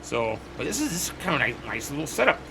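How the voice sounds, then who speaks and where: A man's voice: medium pitch, very animated, fast talker, vocal fry, background noise. A man chatting casually in a folksy, rambling way while he narrates his farming game. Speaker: host. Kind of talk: casual gameplay commentary.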